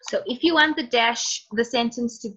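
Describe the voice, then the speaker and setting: A woman's voice: on the high side, normal speed, pushed and bright, slight background noise. Upbeat teacher woman on a video lesson. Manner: chatty, encouraging, reads student chat aloud. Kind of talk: online class lesson. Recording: lo-fi online call audio.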